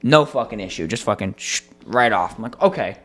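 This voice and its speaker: A man co-hosting a podcast, telling a story in casual chat with an animated, profane manner. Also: fairly low pitch, a little fast. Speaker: podcast co-host.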